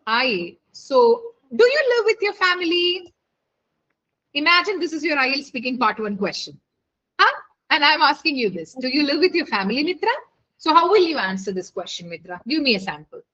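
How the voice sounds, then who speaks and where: A woman's voice: high voice, very animated, brisk, sharp tone. A woman teaching a live online lesson as a tutor. She coaxes her students and keeps checking whether they follow. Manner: coaxing, keeps checking with the class. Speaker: IELTS speaking tutor. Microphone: video call. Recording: lo-fi online call audio.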